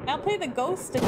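A woman live-streaming a horror game, chatting and apologizing to viewers, laughing nervously and breaking into sudden screams. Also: a little high. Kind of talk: casual live-stream chat.

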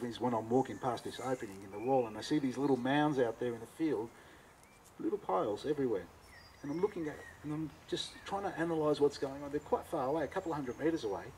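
A man's voice: medium pitch, a little mellow, slight background noise, poor audio. An Australian man, a cooking teacher giving a talk, tells a story with animation and acts out both sides of a conversation.

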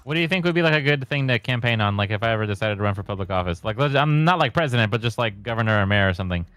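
Young man, low smooth voice, casual gaming chat, giggly and profane. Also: expressive, very fast, fairly bright tone, no echo. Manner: laughs often, rambling and profane. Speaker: fellow player.

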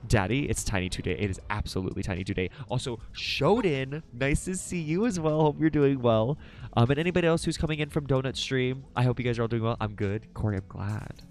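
A young man hosting a late-night livestream, chatting casually and breaking into excited high squeals. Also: a little fast. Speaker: livestream host.

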